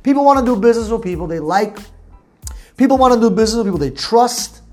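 A man with a warm, relaxed tone delivers a motivational sales talk. He talks bluntly, drops the odd curse, and stacks up repetitive lists to drive each point home. Faint music plays softly behind him. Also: high voice, quick pace. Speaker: sales coach.

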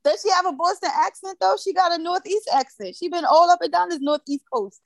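A woman from Brooklyn, a podcast guest, blunt and quick to laugh in casual chat. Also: very high voice, dry recording.

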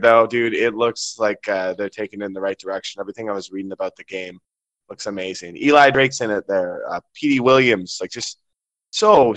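A man hosting a casual wrestling podcast, talking in an excited, chatty way. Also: on the low side, no echo. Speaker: podcast host.

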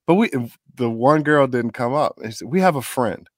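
Speaking at a normal pace with medium pitch, a middle-aged man who works as a voice actor shares stories as an interview guest, acting out the voices of those he quotes with lively energy. The sound is clean, dry, and studio-grade.

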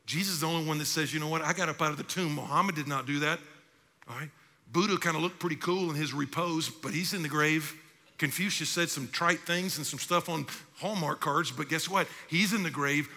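Bright-voiced preaching man in a hall. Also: fairly high pitch. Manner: animated preaching with acted asides. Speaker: pastor. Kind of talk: sermon. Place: church sanctuary.

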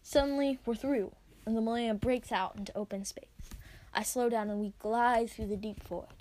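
A woman reading her own story aloud, expressive as she narrates. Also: on the high side, moderate pace. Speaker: reader.

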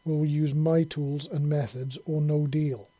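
A man's voice: fairly high pitch, fairly even intonation, a little slow, warm tone, breathy edge, no echo. A man voicing a wry, teasing older male fisherman with a jaunty, boastful way of talking, in a storybook reading. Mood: cocky.

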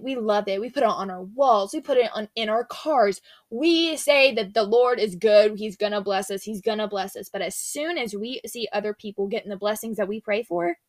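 A woman's voice: on the high side, dry recording. Earnest, chatty young woman, dry sound. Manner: chatty, earnest, slangy storytelling. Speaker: faith speaker. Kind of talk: casual devotional talk.

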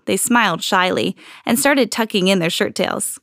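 A woman reading a children's storybook aloud in an expressive, storytelling manner. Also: medium pitch, normal speed, creaky, no room sound, clean studio sound. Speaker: podcast host reading to children.

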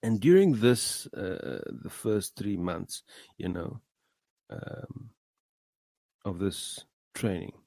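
Slow, expressive man with a gravelly voice. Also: low voice, no room sound. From South Africa. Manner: halting, many fillers and repeated words; earnest, rising emphasis on key phrases. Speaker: podcast host. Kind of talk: motivational monologue.

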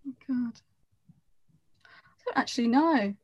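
Rambling woman, high voice. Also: expressive, takes it slowly, husky, dull audio. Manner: rambling, self-deprecating, trails off mid-sentence. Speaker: guest. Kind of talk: casual chat.

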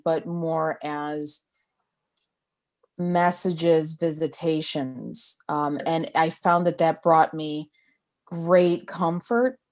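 Low-voiced woman telling a story. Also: darkish tone. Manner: chatty, hesitant storyteller with frequent restarts. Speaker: interviewee. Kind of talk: casual oral history interview.

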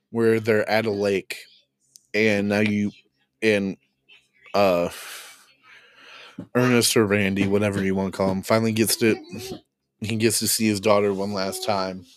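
A man's voice: fairly low pitch, fairly even intonation, unhurried, long pauses, no echo, clean studio sound. A man hosting a podcast in casual chat about a film, laughing often and acting out scenes in quotes. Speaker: podcast host. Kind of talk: casual movie review chat.

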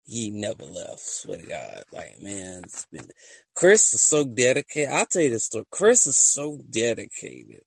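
A man hosting a casual podcast chat, talking to his listeners in a slangy, joking way that swings between loud and soft. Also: fairly low pitch, sing-song, unhurried, vocal fry, slightly rough, dry recording, low-quality recording. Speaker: podcast host. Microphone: voice-message app.

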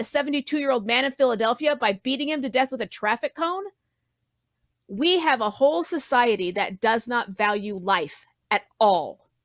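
A woman's voice: high-pitched, a bit bright, no echo. A woman guest panelist speaking with indignant emphasis in casual podcast talk.

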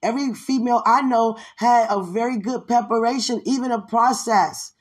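A woman's voice: on the high side, normal speed, husky. A woman podcast host giving a fervent, rambling devotional testimony with many fillers.

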